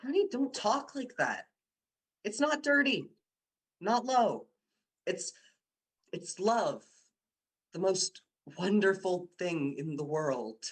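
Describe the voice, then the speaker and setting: A man's voice: sits high, big pitch swings, takes it slowly, pauses often, full character voice. A young man playing a persuasive male university student who coaxes and teases his girlfriend in a radio drama. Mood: coaxing. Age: young adult. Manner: coaxing, teasing, insistent. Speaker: boyfriend Dick. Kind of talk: amateur radio drama acting.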